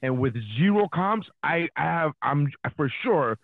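A man's voice: a little high, animated, unhurried, creaky, no room sound, narrow, tinny audio. A man, a comedian, chatting casually on a podcast and telling stories animatedly, acting out his own reactions.

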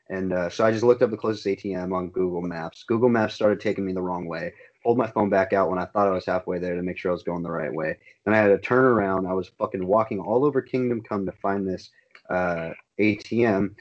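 Profane young man ranting, low voice. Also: highs cut off. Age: young adult. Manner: profane, ranting, laughs often. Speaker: podcast co-host. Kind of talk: casual chat.

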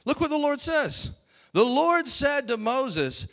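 A man preaching a sermon as pastor, calling out to the congregation and building to loud, emphatic bursts. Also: very high-pitched, sing-song, measured pace.

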